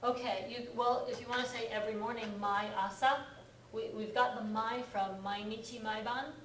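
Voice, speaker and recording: Recorded from a distance in an echoey classroom with slight hiss or hum, this female Japanese teacher explains grammar and keeps asking "right?" and "okay?" to make sure everyone follows. Her voice is fairly high and fairly bright, with fairly even intonation and a moderate pace.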